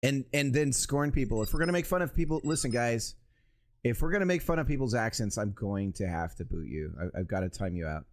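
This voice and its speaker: A man's voice: medium pitch, lively intonation, fairly quick, noisy background. A man streaming live, chatting casually and joking with his viewers. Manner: playful, calls out to a pet in a sing-song voice.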